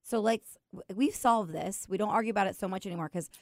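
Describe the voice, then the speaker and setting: A woman's voice: mid-range voice, fast talker, a little mellow, no echo, clean studio sound. Chatty teasing woman host. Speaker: podcast host. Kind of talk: casual chat.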